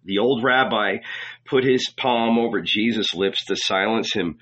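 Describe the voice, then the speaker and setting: Guy reading a novel aloud, measured and slow, muffled lo-fi sound. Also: on the low side, fairly bright tone. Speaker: audiobook narrator. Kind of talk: scripted narration. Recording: dull lo-fi recording.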